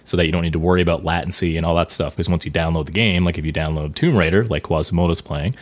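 A man with a deep, low-pitched voice hosts a casual conversation. He steers the talk and keeps turning to the others for their opinions. The sound is dry and close. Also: steady tone, fast, no room sound. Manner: leads the discussion, asks the others' opinions. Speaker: podcast host. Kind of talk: casual chat.

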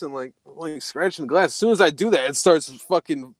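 A young man casually telling a spooky story, swearing a lot and jumping to a high voice when he quotes himself. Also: fast talker, no room sound. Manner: profane, animated, voice jumps high when quoting himself.

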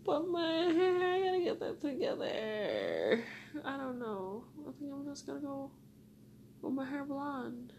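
A young woman hosting a solo podcast, talking to herself and rambling with lots of swearing, dropping to whispers and rising to loud venting. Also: high-pitched, sing-song, a little slow, slight background noise. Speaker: podcast host.

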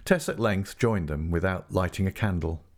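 A man narrating a classic novel in a measured, expressive audiobook reading. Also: deep voice.

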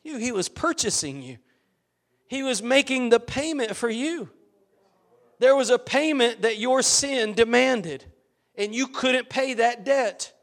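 Southern US preacher, man, high-pitched, emphatic repeats, loud-soft swings, church sermon. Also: animated, a little slow. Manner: repetitive, emphatic preaching with rising and falling volume. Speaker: pastor.

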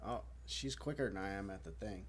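A man's voice: low voice, fairly quick, heavy background noise. A man hosting a casual live-stream chat, laid-back, swearing casually and laughing often. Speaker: host.

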